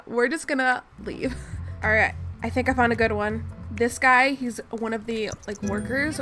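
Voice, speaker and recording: A woman's voice: a little high, fairly bright tone. A woman hosting a gaming channel, giving casual gameplay commentary in a chatty, mock-exasperated way and scolding the characters on screen. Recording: voice over clear background music. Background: background music.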